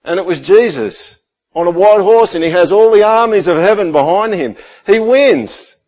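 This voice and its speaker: Middle-aged male pastor, somewhat high-pitched, chatty sermon delivery. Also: animated, moderate pace, muffled recording. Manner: conversational preaching, rhetorical questions, drops to quiet intensity.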